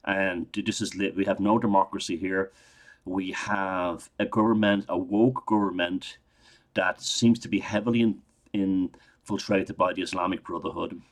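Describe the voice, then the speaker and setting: A middle-aged Irish man with a very low voice rants through a solo political monologue. He sounds indignant and keeps breaking off and restarting his sentences. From Ireland. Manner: indignant, ranting, with frequent restarts. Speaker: political commentator.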